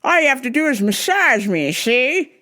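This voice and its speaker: A woman putting on the voice of a creepy rich older man, sleazy and coaxing, who keeps tacking a drawn-out "see?" onto his offers. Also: sits high, very animated, bright, forceful tone, heavily acted. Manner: wheedling, ends lines with a drawn "see?".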